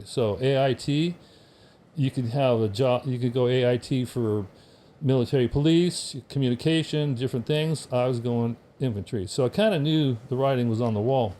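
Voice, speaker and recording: A man's voice: mid-range voice, warm tone, a little hiss or hum. An older American man, a veteran guest on a podcast, telling casual stories with wry humor and acting out the people he quotes. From United States. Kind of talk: casual storytelling.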